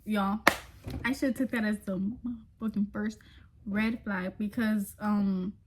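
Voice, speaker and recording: A woman's voice: medium pitch, fairly even intonation, measured pace, heavy background noise. A young adult woman telling a story in a casual vlog, chatty and frank, swearing freely, laughing between lines and talking straight to her viewers. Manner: addresses viewers directly as y'all. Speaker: vlogger.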